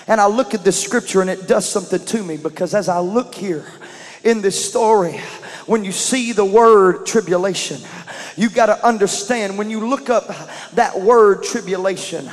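High-voiced preacher in an echoing hall. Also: male voice, normal speed. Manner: shouts and chants praise, then explains scripture conversationally. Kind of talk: sermon. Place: church sanctuary.

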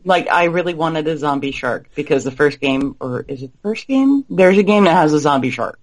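Higher-voiced man with blunt opinions. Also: lively intonation. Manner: opinionated, blunt, quick to judge. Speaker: podcast co-host. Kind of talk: casual film discussion.

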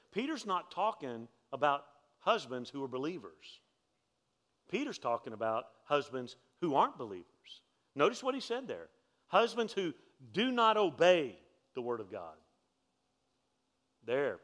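Male pastor, sermon, slightly high voice, animated storytelling, joking asides. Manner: animated storytelling, climbs in pitch and force for emphasis; conversational, humorous asides to the congregation.

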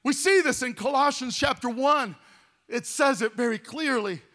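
Impassioned high-voiced male pastor preaching. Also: moderate pace. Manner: impassioned preaching, swells into shouts and sing-song cadences. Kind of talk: sermon.

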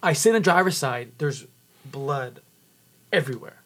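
A man with a high, light voice and a Californian accent tells a wild story in loose, casual talk. He swears freely and slips into the voices of the people he describes, with plenty of frantic energy. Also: expressive, moderate pace, a bit bright. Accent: Californian English. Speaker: podcast guest.

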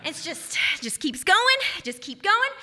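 A woman with a high, very bright voice tells a comic personal story on stage. She is animated and self-mocking. The sound carries the long reverb of a big hall. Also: measured pace.

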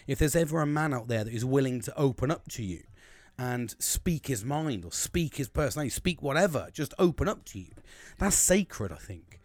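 A man's voice: mid-range voice, expressive, moderate pace, dry recording. Man, 30s, podcast host, candid rambling monologue, swearing, restarts, dry close mic. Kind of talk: late-night podcast monologue.

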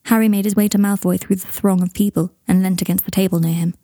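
A woman narrating fan fiction in an even, steady storytelling manner. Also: medium pitch, fast, no room sound, studio quality. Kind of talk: reading fan fiction aloud.

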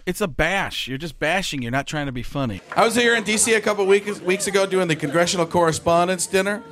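A man talking casually as a comedian, with quick, self-mocking, rambling asides. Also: sits high, a bit bright. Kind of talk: stand-up and casual talk.

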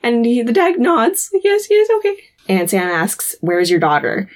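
A woman co-hosting a casual podcast, retelling a TV episode and acting out the characters' lines in quick voices. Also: mid-range voice, sing-song. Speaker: podcast co-host recapping an episode. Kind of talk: casual chat.

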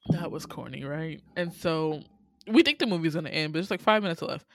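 A woman's voice: low voice, fairly quick, no room sound, clean studio sound. A young woman hosting a casual movie talk, retelling scenes with lots of laughter and playful character voices. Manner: animated storytelling, laughing, voicing characters. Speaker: podcast host.

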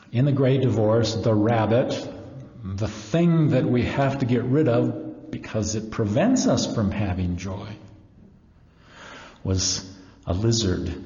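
A man's voice: fairly low pitch, warm tone. A middle-aged man giving a live religious lecture, telling stories earnestly and reading passages aloud. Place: large lecture hall. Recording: echoey hall, dull lo-fi.

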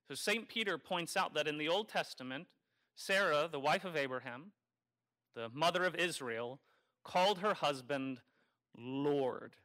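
Guy preaching a homily, kinda jokey with the crowd, bright tone, slows down on the big lines. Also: on the high side, expressive. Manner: conversational and wry, teasing the congregation. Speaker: Catholic priest. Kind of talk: sermon.

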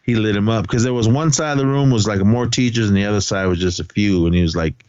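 Low-voiced man recapping a movie, lo-fi. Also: fast talker, few pauses, dry recording. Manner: rambling storytelling with quoted lines and laughs. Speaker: podcast co-host. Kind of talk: casual movie recap chat.

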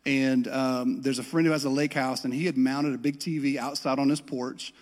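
A man's voice: mid-range voice, fairly even intonation, moderate pace. Southern guy in his middle years, pastor telling a funny story on himself, long hall reverb. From Metro Atlanta, US South. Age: middle-aged. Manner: self-deprecating, anecdotal. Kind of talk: storytelling sermon.

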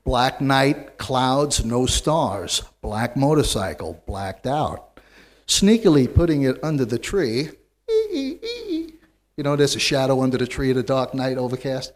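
A man telling his own story to a room of listeners, dry and wry in his humor. His voice moves between loud bursts and quiet, low stretches, with a middling pitch. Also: unhurried. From United States. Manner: animated, wry storyteller, swings from loud to hushed. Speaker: speaker sharing his recovery story. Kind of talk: storytelling talk to a live audience.

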